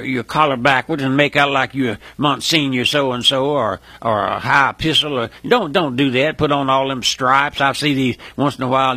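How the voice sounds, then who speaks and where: A man preaching a sermon in a folksy, emotional way, often breaking into high pleading cries. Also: pushed and bright, husky. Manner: folksy, repeats "my friend" and "listen".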